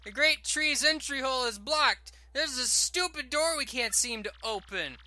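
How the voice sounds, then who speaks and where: Man doing chirpy young girl sidekick, bright, bouncy game voice. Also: very high-pitched, expressive, moderate pace, no room sound, voice pushed up, heavily acted. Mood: earnest. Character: perky young female student adventurer.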